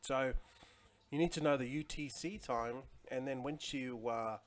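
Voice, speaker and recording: Speaking at an unhurried pace with a medium-pitched voice, this forties-aged crypto livestream host talks from home in Chiang Mai. He rambles casually, fills gaps with lots of fillers, and calls out viewers by name.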